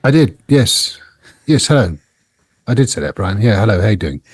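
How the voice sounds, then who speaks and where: Husky, rambling man. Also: on the low side, sing-song, dry recording. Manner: rambling, halting, many fillers and restarts. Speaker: podcast co-host. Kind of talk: casual chat.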